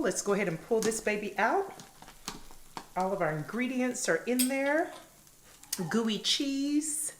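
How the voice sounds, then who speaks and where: A woman's voice: mid-range voice, echoey room, a little hiss or hum. A woman hosting her own cooking vlog from her kitchen, chatting casually to viewers as she cooks. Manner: chatty, addresses viewers as "you guys". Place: home kitchen.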